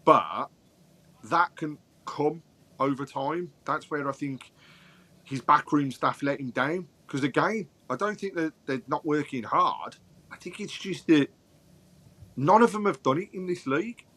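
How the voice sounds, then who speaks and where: A man on a podcast panel, giving long, measured explanations of his views in a casual football chat. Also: fairly high pitch, animated, pushed and bright.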